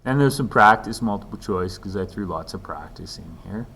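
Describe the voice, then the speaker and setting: A man with a very low voice talks through a recorded lesson. He keeps it conversational, scattering ums and dry, self-mocking asides between points. A faint hiss runs under the recording. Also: moderate pace, gravelly, a bit bright. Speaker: teacher. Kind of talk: recorded lecture walkthrough.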